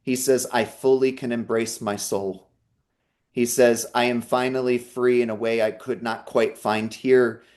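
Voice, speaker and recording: A man's voice: mid-range voice, flat delivery, measured pace, a little mellow. A man working as a psychic medium in an online talk, earnestly relaying messages and reassuring the listener over a video call. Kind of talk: live online talk and reading.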